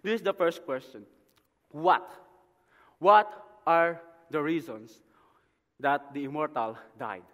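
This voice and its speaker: A missionary preacher from the Philippines delivering a sermon, dotting his lines with "amen" and building to loud, emphatic passages. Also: a little high, animated, slow pace, pauses often. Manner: repeats "amen" as a call to the congregation. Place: church sanctuary. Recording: long hall reverb.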